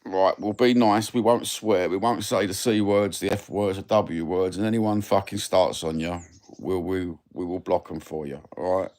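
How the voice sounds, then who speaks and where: A man's voice: low-pitched, steady tone, moderate pace, a little mellow. A middle-aged man with a Cockney accent, rambling cheekily and swearing freely while chatting on a live stream. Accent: Cockney London. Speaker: livestream host. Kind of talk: casual live-stream chat.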